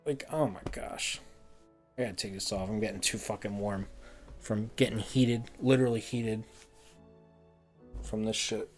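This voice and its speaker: A man's voice: lowish voice, steady tone, unhurried, long pauses, soft background music. A man streaming a heated game review, ranting and swearing often, repeating words in frustration.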